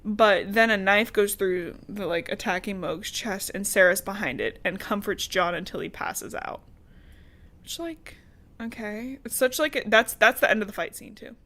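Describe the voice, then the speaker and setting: A woman's voice: medium pitch, moderate pace, bright, forceful tone. Woman co-host, casual rambling recap, sarcastic asides. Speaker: podcast co-host recapping a book. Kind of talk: casual chat.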